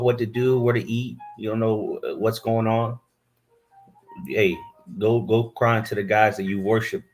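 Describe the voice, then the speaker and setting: A man preaching a fiery sermon, scolding his listeners and reading scripture aloud into a camera he set up himself. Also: on the low side.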